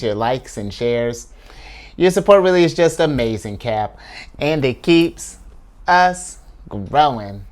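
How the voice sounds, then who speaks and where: A man's voice: a little high, darkish tone. A man hosting his own channel and giving a casual tarot card reading in an upbeat, chatty way, drawing words out and laughing often.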